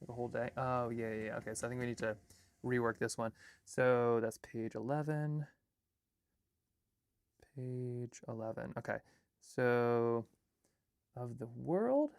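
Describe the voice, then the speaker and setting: A young man from Alaska talks casually on a livestream, rambling as he thinks aloud and reading chat comments and draft text back to himself. His voice sits at an average pitch with a gravelly, creaky edge. The sound is close and dry, with no room echo. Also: unhurried, long pauses, darkish tone. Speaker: artist and filmmaker livestreaming.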